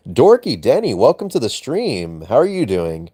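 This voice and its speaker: A man's voice: medium pitch, huge pitch swings, normal speed, mellow, breathy edge, no echo, clean studio sound. A young man chatting casually to his viewers on a late-night livestream, playful and teasing with joking innuendo.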